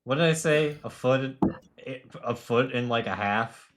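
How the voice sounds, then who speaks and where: Wry streamer; self-deprecating, chatty, plain middle pitch. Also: unhurried, background noise. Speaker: live-stream gamer. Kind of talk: casual gaming chat.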